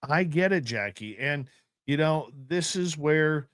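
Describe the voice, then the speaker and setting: A man hosting a radio talk show, chatting casually and joking with an easygoing, drawn-out delivery. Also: a little high, animated, fairly bright tone, no room sound, clean studio sound. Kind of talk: casual radio interview chat.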